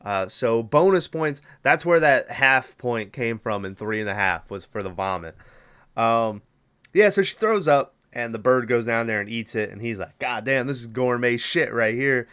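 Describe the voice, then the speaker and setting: A podcast host recaps a movie in a rambling, profane, casual style, losing track and doubling back when he forgets things. His medium-pitched voice is very animated and a bit bright, clear and resonant, and he talks at a normal speed.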